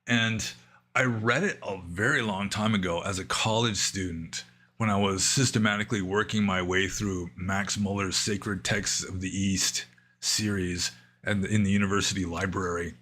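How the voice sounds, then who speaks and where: A man with a somewhat low voice and a bright, crisp edge talks through viewer questions on a livestream. He thinks aloud, trailing off into asides and small hesitations. His delivery is unhurried and conversational. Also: fairly even intonation. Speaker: Buddhist monk answering viewer questions. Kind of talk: livestream Q&A, casual explanation. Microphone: livestream microphone.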